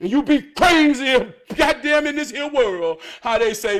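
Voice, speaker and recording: A man giving an emotional motivational monologue, fervent and preachy, cursing and laughing, swinging between loud outbursts and hushed talk. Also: very high voice, animated, a little slow. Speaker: motivational speaker.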